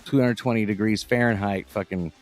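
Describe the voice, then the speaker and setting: A man's voice: fairly low pitch, fairly even intonation, brisk, faint music behind. A man co-hosting a casual podcast. He swears heavily and rambles, often restarting words partway through. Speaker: podcast co-host. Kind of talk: casual chat.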